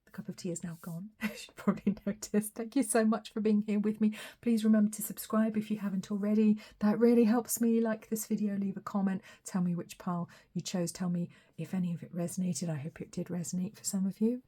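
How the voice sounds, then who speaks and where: Hoarse woman reading tarot. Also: mid-range voice, fairly even intonation, fairly quick. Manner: chatty, laughs often, some soft whispery asides. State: hoarse, recovering from a cold. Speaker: tarot reader.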